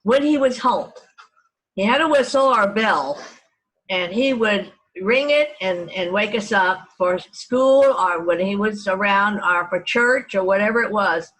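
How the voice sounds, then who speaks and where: Older Texan-raised woman, oral-history reminiscing, mid-pitch, rambling with restarts. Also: unhurried, a bit bright, rough recording. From Dallas, Texas. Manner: meandering, frequent restarts and self-corrections. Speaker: family storyteller.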